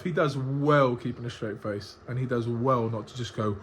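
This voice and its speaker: A man's voice: medium pitch, normal speed, hardly any pauses, a little hiss or hum. A man hosting a reaction video, making sarcastic, laughing asides while a livestream clip plays. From Europe. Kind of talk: commentary over a played clip.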